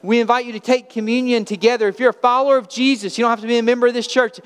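A man's voice: very high-pitched, fairly even intonation, very fast, smooth. Emphatic man preaching in a reverberant church. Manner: earnest, emphatic preaching with rhetorical questions. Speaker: pastor. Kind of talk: sermon. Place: church sanctuary. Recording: long hall reverb in a church.

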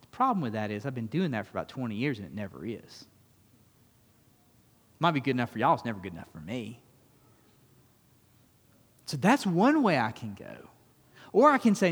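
A pastor giving a conversational sermon that turns emphatic, then closes in quiet prayer. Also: male voice, mid-range voice, huge pitch swings, moderate pace, pauses often, breathy edge. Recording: long reverb of a church hall.

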